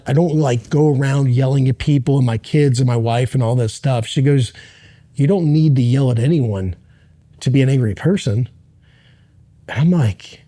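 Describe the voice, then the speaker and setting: A middle-aged American man, a former Navy SEAL, telling a personal story as an interview guest, halting and earnest with many restarts. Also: medium pitch, warm tone.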